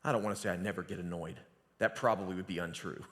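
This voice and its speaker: A man giving a sermon as pastor, telling the story conversationally and dropping to a hushed voice at times. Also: low voice, fairly even intonation, fast talker. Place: church sanctuary. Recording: long reverb of a church hall.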